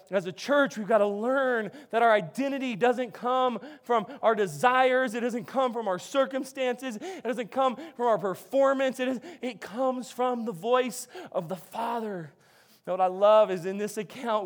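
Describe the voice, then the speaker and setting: A man with a strikingly high voice delivers a sermon as a pastor. He talks to his congregation in a loose, chatty way, cracks jokes and often restarts his phrases. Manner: conversational, jokey preaching with frequent restarts.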